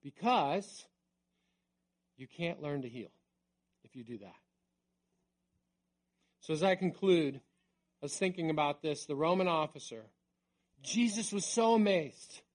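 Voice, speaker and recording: A middle-aged man preaching a sermon in a conversational way, dropping to a near hush on key words. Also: fairly high pitch, expressive, measured pace, pauses often. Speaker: pastor.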